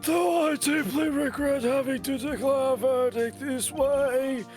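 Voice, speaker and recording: A man's voice: extremely high pitch, steady tone, measured pace, a little mellow, faint music behind. A man voicing a stern older male judge with formal, commanding speech, played over a game.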